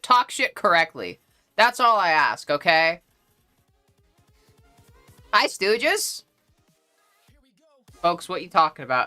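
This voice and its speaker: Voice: medium pitch, expressive, a little slow, pauses often, bright, forceful tone, soft background music. A young adult streamer casually chatting with a live audience, playful, profane and mock-indignant. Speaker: livestreamer reading chat.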